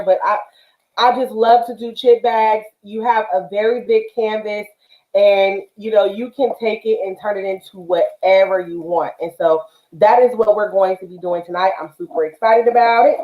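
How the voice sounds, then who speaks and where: A woman from the Bay Area hosting a craft livestream, talking casually and affectionately with lots of fillers. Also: mid-range voice. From Northern California, Bay Area. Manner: chatty, affectionate, many fillers. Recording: roomy, dull livestream audio.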